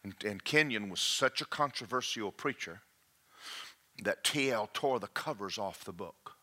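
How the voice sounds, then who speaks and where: Male preacher, forceful bright delivery, wide swings in pitch, jokey and engaging with the congregation. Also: a little slow. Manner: animated, jokey, checks in with the congregation. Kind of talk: sermon.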